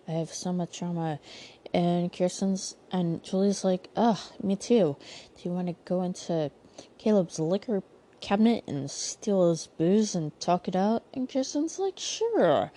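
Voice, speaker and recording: A young woman with a mellow, mid-range voice hosts a casual podcast recapping a TV show. She's chatty and full of sarcastic asides.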